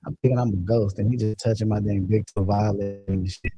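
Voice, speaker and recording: A man's voice: fairly low pitch, steady tone, fast, warm tone, slightly rough, highs cut off. A man hosting a casual livestream, chatting loosely and profanely and laughing as he reads viewer comments. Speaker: livestream host. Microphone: phone or computer mic.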